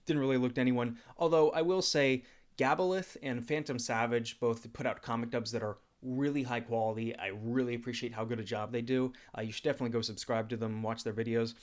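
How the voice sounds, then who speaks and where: A young man hosting a casual livestream Q&A in a relaxed, laid-back way, with lots of filler words. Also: medium pitch, fast. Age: young adult. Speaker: YouTuber and comic dubber.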